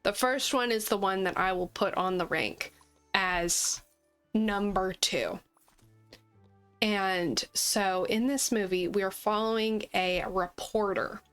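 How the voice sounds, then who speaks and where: A woman's voice: mid-range voice, fairly bright tone. A woman hosting a gaming channel, chatting casually and playfully with frequent giggles as she plays. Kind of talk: casual gameplay chat.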